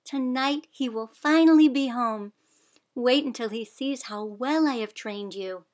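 A woman voicing a brave, determined young girl who pleads in an earnest, loud voice. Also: fairly high pitch, measured pace, close to an everyday voice. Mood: eager.

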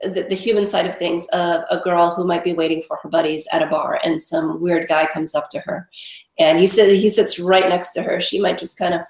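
A woman with a low, gravelly voice explains things to an interviewer, stressing points by repeating words. Her voice rings around an echoey room. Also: steady tone, fairly quick, darkish tone. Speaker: dog trainer guest.

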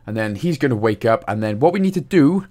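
A man's voice: medium pitch, expressive, fast, a little mellow. A man with a Welsh accent giving a casual, jokey game walkthrough, swearing now and then. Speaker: gaming guide host.

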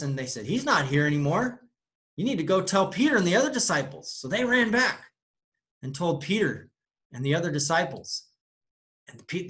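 A man leading a youth club, retelling a story to children in a casual, animated way. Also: fairly high pitch. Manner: casual, animated storytelling with big swings in loudness.

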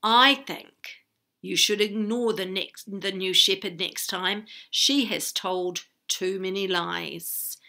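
A woman voicing an honest, fretful young shepherd boy in a read-aloud storybook, talking in an earnest, plaintive, high voice. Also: steady tone, slow, vocal fry, bright, forceful tone, heavily acted. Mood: plaintive indignant.

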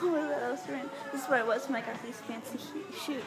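A young woman chatting in a rambling, giggly, excitable way as she vlogs on her phone while walking through stores. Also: high-pitched, quick pace, poor audio. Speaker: vlogger. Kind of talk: casual vlog chat. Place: inside stores and a mall. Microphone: phone held while filming.

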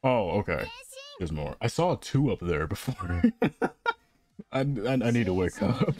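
A young man giving playful gameplay commentary, reacting out loud and giggling as he plays. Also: lowish voice, sing-song, measured pace. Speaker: gaming channel host.

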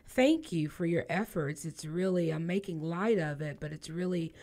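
A woman's voice: fairly low pitch, moderate pace, darkish tone. Woman, radio talk show host, playful, teasing, laughs a lot, studio.

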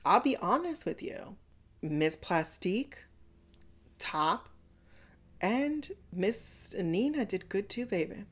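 A woman's voice: mid-range voice, sing-song, slow, long pauses, husky. A woman hosting a casual reaction video, calling out the contestants directly with sassy pet names and giving blunt critiques. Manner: sassy, talks straight to the contestants with "honey" and "baby". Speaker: reaction channel host.

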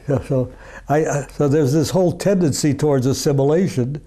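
An older man, an archivist of Yiddish culture, talking in a rambling, halting way with many fillers in a casual interview. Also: on the high side, mellow. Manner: sings Yiddish folk songs unaccompanied.

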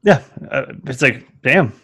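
Husky young man, mid-pitched, laughing often. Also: animated, a little slow, a bit bright. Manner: laughing, wisecracking, stammers. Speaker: podcast co-host. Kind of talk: crude casual movie commentary.

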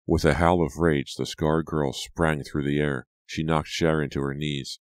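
Deep-voiced male narrator for a teen horror audiobook; dramatic, measured, dry close sound. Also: level tone, no echo.

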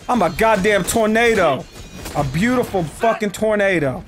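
Loud trash-talking man streamer. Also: sits high, very animated, normal speed, faint music behind. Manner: profane, trash-talking, shouts at enemies. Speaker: gaming streamer. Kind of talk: live gameplay commentary.

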